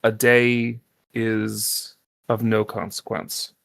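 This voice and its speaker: A man voicing an ancient informant who trades in secrets, a character he plays in a tabletop game, speaking in a measured, cryptic way. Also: on the low side, level tone, vocal fry, fairly bright tone, no room sound, exaggerated voice. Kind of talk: voiced role in a tabletop game.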